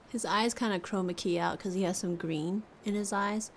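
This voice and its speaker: A woman's voice: mid-range voice, steady tone, moderate pace, a little hiss or hum. A woman streamer chatting casually with her viewers and cooing at her cat. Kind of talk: casual live-stream chat.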